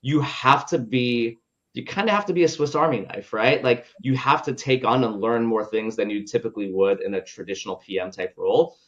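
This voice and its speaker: A man's voice: mid-range voice, brisk, fairly bright tone, dull audio. A male podcast guest and product leader talking casually, looping in fillers and ending points with "right?". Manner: loose, filler-heavy, ends points with "right?". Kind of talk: casual conversational interview.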